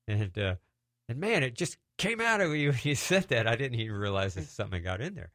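A middle-aged man telling lively deliverance stories in a casual way, acting out the voices of the people he quotes. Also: medium pitch, a little fast, no room sound, clean studio sound. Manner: animated, acts out quoted voices. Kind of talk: casual storytelling testimony.

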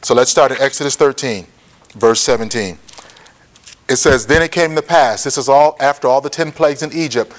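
A preacher with a medium-pitched voice teaches a Bible lesson. He frequently checks that listeners are following and repeats key points slowly so they can take notes.

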